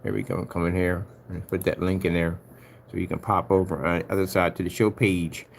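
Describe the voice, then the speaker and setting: A man's voice: low voice, level tone, fairly quick, gravelly, a little hiss or hum. A man casually walking through editing his shop website, chatty and playful, talking to himself and a pet and slipping into sing-song chants. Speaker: online shop owner. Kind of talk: casual screen-recorded website walkthrough.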